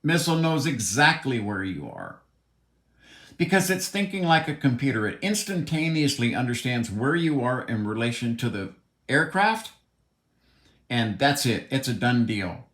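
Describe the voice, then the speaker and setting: A man's voice: medium pitch, big pitch swings, moderate pace, a bit bright. A man delivering a heated, blunt, profane monologue, commenting on the news. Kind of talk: opinionated monologue. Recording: roomy echo.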